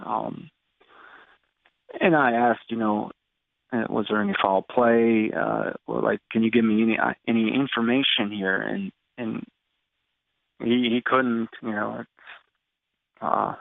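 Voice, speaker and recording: A man's voice: fairly low pitch, flat delivery, creaky, no room sound. Man in his thirties over a tinny line. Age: 30s. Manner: halting, many fillers and restarts. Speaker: guest. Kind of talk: personal storytelling interview. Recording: dry tinny phone-like sound.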